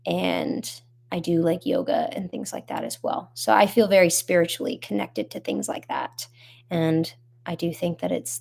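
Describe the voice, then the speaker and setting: Giggly young woman with a gravelly voice. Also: lowish voice. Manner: giggly, rambling, with many ums. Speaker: singer in a band, hosting a live chat. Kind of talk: casual live-stream chat reading comments. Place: home in Nashville.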